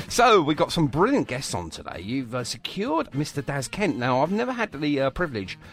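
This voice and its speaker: English radio host, bright and very animated pitch, faint music underneath, constant jokes. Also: male voice, moderate pace. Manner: laughs often, banters. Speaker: radio presenter. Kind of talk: jokey radio chat.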